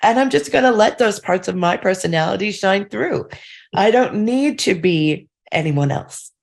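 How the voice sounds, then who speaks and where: A woman chatting on a podcast in a candid, self-deprecating way. Her voice sits at an ordinary middle pitch. She speaks in a loose, conversational manner. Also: lively intonation, normal speed, gravelly. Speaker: podcast guest. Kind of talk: casual podcast chat.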